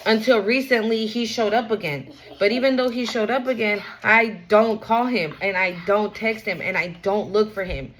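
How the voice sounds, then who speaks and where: Casting: young woman, casual card reader, blunt, loose slang, middle pitch. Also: normal speed, low-quality recording. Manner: frank, repetitive, streetwise slang. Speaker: tarot reader. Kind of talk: casual spiritual reading.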